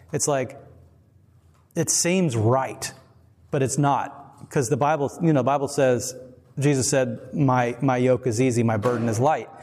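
A man's voice: medium pitch, a little mellow. A man preaching a casual, conversational sermon. He rambles and digresses, adding chuckling asides. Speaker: pastor. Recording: long reverb of a hall.

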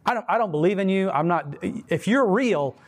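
A man's voice: high-pitched, expressive, brisk, voice pushed up. A man playing a fed-up young Persian man. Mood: exasperated. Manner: exasperated, challenging. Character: young Persian man, frustrated, defiant with God.

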